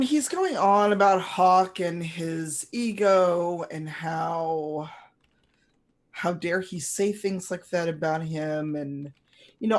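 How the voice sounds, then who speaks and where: Rambling game master narrating a tabletop game. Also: mid-range voice. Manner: rambling, many fillers and restarts.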